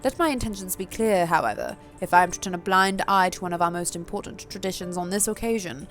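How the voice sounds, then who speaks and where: A woman playing a stern vampire ruler who hands down judgment in slow, measured, regal tones. Her delivery is lower and quieter than the narration, with faint game music behind. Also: lightly acted. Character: stern female vampire prince, commanding ruler.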